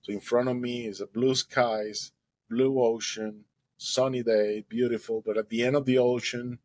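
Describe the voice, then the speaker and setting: Husky man telling a personal testimony. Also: medium pitch, fairly even intonation, normal speed, a little mellow, low-quality recording. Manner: emotional storytelling, acts out quoted dialogue, non-native grammar. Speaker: guest telling his own story.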